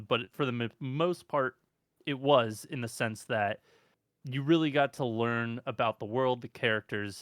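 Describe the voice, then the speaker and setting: A man with a mid-range voice co-hosting an anime podcast, eager and quick to swear for emphasis. His voice is dry and close to the mic. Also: mid-range voice, a bit bright, clean tone, dry recording. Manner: enthusiastic, swears casually. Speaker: podcast co-host. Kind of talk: casual chat.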